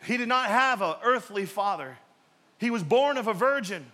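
A male pastor preaching a sermon, swinging between loud emphatic peaks and quiet, low asides. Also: animated, moderate pace.

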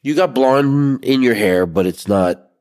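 A man's voice: mid-range voice, animated, unhurried, a little mellow. A man co-hosting a podcast, telling a story in a loose, rambling way full of fillers, sitting outdoors by a pool. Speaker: podcast co-host. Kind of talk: casual storytelling chat.

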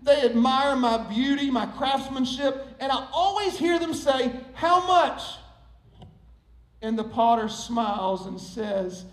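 A preacher voicing a pleading talking teacup. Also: male voice, a little slow, few pauses. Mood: plaintive. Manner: storytelling, rising to high pleading cries. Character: old teacup, male, long-suffering and wondering. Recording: roomy echo.

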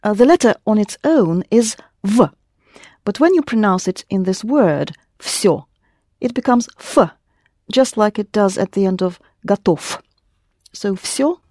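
A woman's voice: medium pitch, expressive, mellow, no room sound, studio quality. Patient woman teaching a language lesson. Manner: patient, encouraging, repeats words slowly and clearly.

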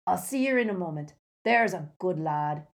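A woman voicing a giant bearded gamekeeper who talks loudly in clipped, rough dialect. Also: on the low side, expressive, normal speed. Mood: fond. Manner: loud, clipped dialect speech.

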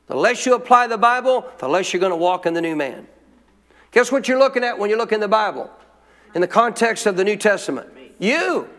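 A male pastor with a high, animated, slightly bright voice preaches a bit fast in a church sanctuary. He's emphatic and calls out to the congregation for responses, and the hall's long reverb carries his voice.

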